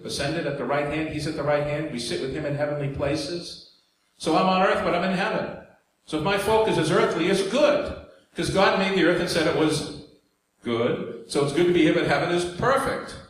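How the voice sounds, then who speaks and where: A man preaching a sermon in a conversational way, with asides and jokes to the congregation. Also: fairly high pitch. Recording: very echoey hall, faint background noise.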